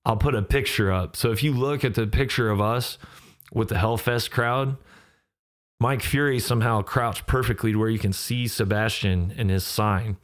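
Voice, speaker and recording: Relaxed man with a smooth, lowish voice. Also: moderate pace. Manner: relaxed, rambling, with frequent fillers and laughs. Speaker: podcast host and musician. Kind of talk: casual solo podcast talk.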